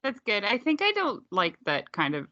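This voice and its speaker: A woman's voice: mid-range voice, huge pitch swings, normal speed, bright, forceful tone. A woman co-hosting a podcast, chatting casually and reacting with short comments and laughter. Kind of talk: casual chat. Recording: dull lo-fi podcast audio.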